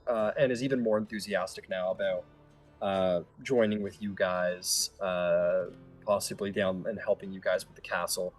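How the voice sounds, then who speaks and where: A man narrating as game master in a rambling, relaxed way with many fillers. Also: sits low, normal speed, faint music behind.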